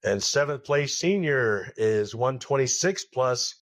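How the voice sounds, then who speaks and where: A man's voice: mid-range voice, slow, dry recording. Man co-hosting a poker podcast. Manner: animated storyteller who swears freely. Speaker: podcast co-host. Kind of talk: casual chat.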